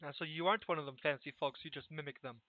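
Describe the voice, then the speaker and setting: A man voicing a proud, gruff ship captain who guards his reputation, speaking stiffly and formally with rough folksy slips. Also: fairly high pitch, very fast, no echo, close to an everyday voice. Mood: stern. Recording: tinny, dry voice-call audio.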